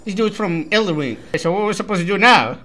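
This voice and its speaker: A man commentating his own gameplay, yelling at a hard boss fight and swearing, with quiet mumbled asides between outbursts. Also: high-pitched, animated, fairly quick. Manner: shouts and yells at the game, swears, slangy. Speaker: gaming YouTuber.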